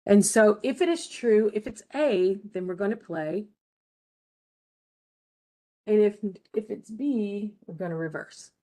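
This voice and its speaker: A woman's voice: medium pitch, measured pace, long pauses, warm tone. A woman teaching a game design class, explaining each step patiently and checking in with her students. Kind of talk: recorded screen-share lesson.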